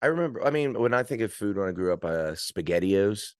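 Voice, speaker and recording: Male podcast guest, low-pitched, chatty rambler, dry close sound. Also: lively intonation, fairly quick, darkish tone, smooth, dry recording. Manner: rambling, laughing storyteller. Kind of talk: casual chat.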